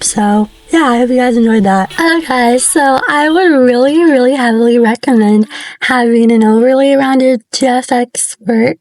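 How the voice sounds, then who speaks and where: A woman's voice: sits high, a little mellow, rough recording. A woman giving a casual voice-over tutorial, chatty and rambling with apologetic asides, on a basic mic. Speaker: tutorial creator. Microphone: basic mic, not a proper one.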